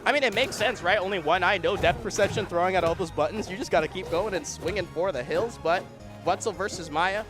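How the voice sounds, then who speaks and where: A man's voice: high-pitched, brisk, music in the background. A man co-commentating a live esports tournament, joking and playful with slangy banter.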